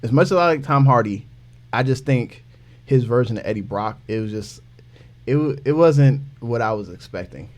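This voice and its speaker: A young man on a casual podcast, ranting in an animated way and saying "like" a lot. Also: mid-range voice, moderate pace. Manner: animated, ranting, heavy use of "like". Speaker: podcast co-host.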